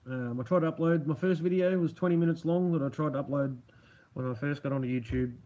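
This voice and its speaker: A man's voice: fairly high pitch, quick pace, warm tone, highs cut off. A man hosting a livestream, chatting casually to viewers, swearing freely and rambling with restarts. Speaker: livestream host reading chat. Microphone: computer mic.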